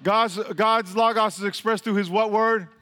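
A man speaking at normal speed, his high voice pushed and bright with fairly even intonation, preaches in a hall full of long reverb. He drills the congregation through call-and-response Bible teaching, repeating questions and laughing frequently.

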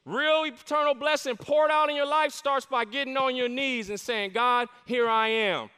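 A man's voice: very high voice, steady tone, normal speed, bright, forceful tone. A middle-aged man preaching a sermon as pastor, with fervent, emphatic delivery and call-and-response with the congregation. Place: large church sanctuary. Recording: long reverb of a large church hall.

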